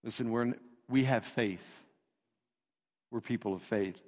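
A man's voice: medium pitch, a little slow. Emphatic male preacher in a reverberant hall. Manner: emphatic, repetitive, swings between loud and hushed. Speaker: pastor. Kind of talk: sermon.

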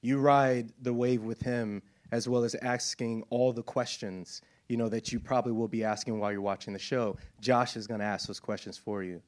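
American man, panel guest, mid-pitched, eager and chatty, laughs easily. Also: fairly even intonation, moderate pace, hardly any pauses. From United States. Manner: laughing, enthusiastic, trailing off into fillers. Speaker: actor guest. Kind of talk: panel Q&A answer.

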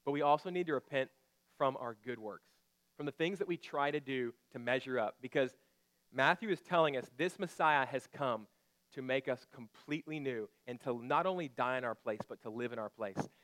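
Give me a man preaching a sermon at a middle pitch, animated and earnest. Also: normal speed. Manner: animated preaching, rhetorical questions, drops to soft intensity. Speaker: pastor.

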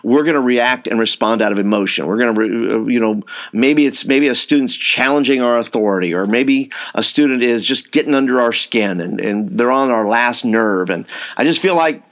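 A man's voice: mid-range voice, normal speed, fairly bright tone. A man giving an informal training talk to youth workers, rambling, with frequent fillers and repeated words. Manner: says he tends to raise his voice.

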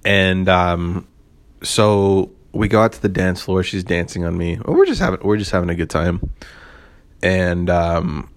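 A young man with a very low voice spins a casual story for his podcast. He rambles and swears freely, leans hard on fillers, and keeps a sarcastic streak running through the telling. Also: animated, a little slow. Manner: rambling, profane, filler-heavy. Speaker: podcast host.

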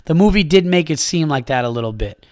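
A man's voice: on the high side, expressive, fast talker, a little mellow, no echo, clean studio sound. Rambling profane man hosting a podcast. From upstate New York. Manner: rambling, loose and profane, with many fillers. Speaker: comedian podcast host. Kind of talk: casual podcast chat.

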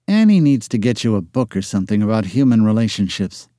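A man voicing a sharp-tongued young woman. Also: on the low side, very animated, fast talker, no echo, clean studio sound. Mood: wry. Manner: teasing, exasperated retorts. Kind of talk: audiobook character voice.

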